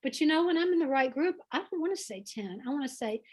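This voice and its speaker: Earnest Southern woman author, higher voice. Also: animated, a little mellow. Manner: earnest, heartfelt, unhurried. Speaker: author guest. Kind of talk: reflective conversation over video call. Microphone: video call.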